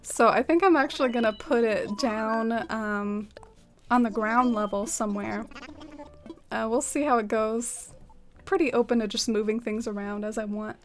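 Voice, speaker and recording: A woman's voice: a little high, steady tone, normal speed. A young woman streaming a game and chatting casually with viewers, filling her talk with "like" and "um" and laughing often. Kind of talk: casual gameplay chat with viewers.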